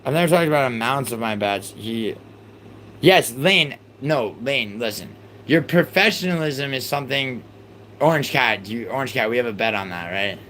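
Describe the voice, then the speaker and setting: A man's voice: mid-range voice, lively intonation, bright, forceful tone, low-quality recording. Young male livestream host, heated and profane, mid voice, slight background hum. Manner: exasperated, swearing, rapid outbursts.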